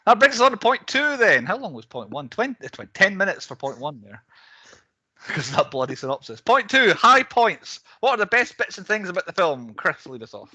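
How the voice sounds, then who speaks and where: A man's voice: high-pitched, sing-song, normal speed, pushed and bright, no echo. A man hosting a casual podcast chat, laughing often as he steers the talk. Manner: laughs often, runs the segments. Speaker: podcast host.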